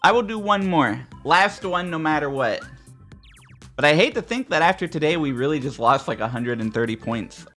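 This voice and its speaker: A man's voice: a little high, lively intonation, normal speed, fairly bright tone, soft background music. A man giving profane, frustrated commentary while playing a video game. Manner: frustrated, profane, exasperated muttering at other players. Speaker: gaming YouTuber. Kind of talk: gameplay commentary.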